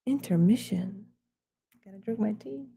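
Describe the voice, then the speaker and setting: A woman's voice: mid-range voice, a little slow, vocal fry, dark tone. A woman chatting casually on a live stream while she draws, rambling and talking to herself in murmured asides.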